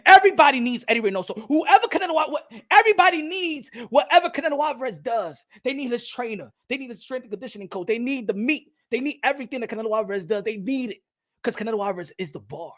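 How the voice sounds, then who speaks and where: A man's voice: very high voice, expressive, fast talker, a bit bright. A man doing casual, rambling and sarcastic boxing commentary in slangy talk.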